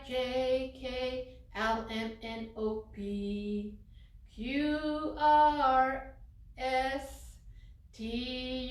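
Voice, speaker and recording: Children's librarian, female, high and unhurried, reads aloud and sings with kids; echoey room, far mic. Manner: slow, expressive read-aloud to children, sings nursery songs. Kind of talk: children's story time reading and singing.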